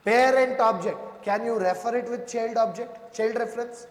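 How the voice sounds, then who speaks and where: A high-pitched programming instructor teaches coding live at a moderate pace in an echoey room with long reverb. He walks students through the code step by step, keeps asking checking questions to see if they follow, and calls them "sir" and "boss".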